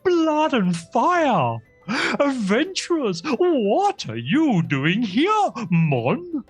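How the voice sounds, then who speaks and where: A man's voice: huge pitch swings, very slow, husky, soft background music, exaggerated voice. A flamboyant old turtle farmer, fussing over his horned bunnies in a lofty, sing-song voice, as a man puts him on. He speaks in a mock island lilt that keeps sliding into a fairy-tale princess tone, soaring well above a normal man's speech and swooping all over. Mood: grandly welcoming. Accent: attempted Jamaican turned Disney princess. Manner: high, sing-song, dramatic exclamations. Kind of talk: live tabletop game voice acting.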